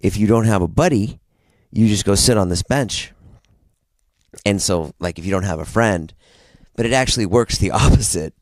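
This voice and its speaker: A man's voice: fairly low pitch, moderate pace, no room sound. A middle-aged man co-hosting a podcast in casual chat, with dry, laid-back reactions. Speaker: podcast co-host.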